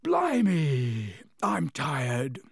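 A man's voice: sits high, big pitch swings, a little slow, dry recording, clean studio sound, voice pushed up. A man doing a cheeky teenage boy. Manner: cheeky and offhand. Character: cheeky teenage boy, joking twin brother.

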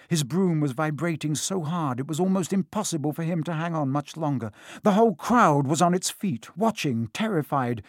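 A man narrating a children's storybook in a steady, expressive reading. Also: fairly high pitch, no room sound, studio quality. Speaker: audiobook reader.

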